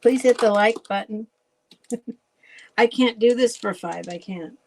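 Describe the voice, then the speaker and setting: A woman hosting a casual live vintage sale, chatty and rambling, laughing often and thinking out loud. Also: a little high, slow pace, a little hiss or hum, poor audio. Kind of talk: casual live selling chat.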